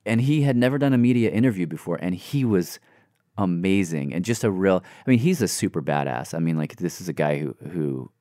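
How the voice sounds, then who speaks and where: A man's voice: sits low, animated, a little fast, dark tone, no echo, clean studio sound. A man from Nashville talking as an interview guest, earnest and musing, with lots of fillers. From Nashville, Tennessee, US. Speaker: interview guest, series creator. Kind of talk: reflective conversational interview.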